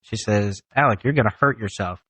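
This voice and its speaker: Young adult son guest, animated storyteller, casual swearing, dry mic. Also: male voice, lowish voice, a little fast, breathy edge, no echo. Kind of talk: casual family podcast chat.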